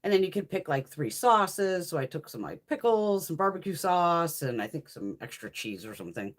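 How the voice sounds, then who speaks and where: A woman's voice: lowish voice, sing-song, normal speed. A woman chatting casually while swatching makeup, profane, laughing often and answering viewers' comments. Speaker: beauty haul host.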